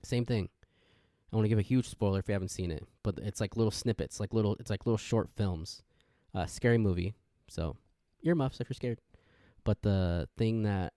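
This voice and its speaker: A man hosting a podcast, rambling through a casual intro rant and jumping into sudden excitement. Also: lowish voice, no echo, studio quality. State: wired on energy drink. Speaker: podcast host.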